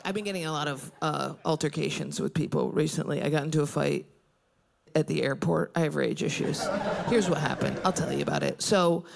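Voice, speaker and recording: A woman doing a stand-up comedy set, telling crude stories in a brash, animated way on a club stage. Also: deep voice, brisk, creaky. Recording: noisy live club recording with crowd. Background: audience laughter.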